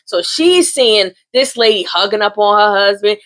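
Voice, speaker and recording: A woman vlogger recapping a soap opera in a sassy, slangy, animated way, talking straight to the viewer. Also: mid-range voice, moderate pace. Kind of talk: casual chatty recap.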